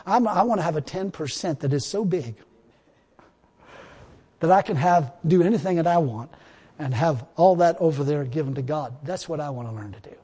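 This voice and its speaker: A man's voice: a little high, normal speed, dark tone, slightly rough, big-room sound. A middle-aged man preaching a sermon in an emphatic, repetitive way, often breaking into laughter and exclamations of praise.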